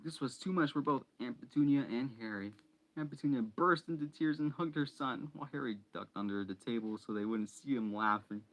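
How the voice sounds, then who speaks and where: A man's voice: mid-range voice, a little fast, low-quality recording. A man reading a novel aloud in a casual, unpolished way, stumbling and restarting words and breaking off for asides. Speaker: hobby reader.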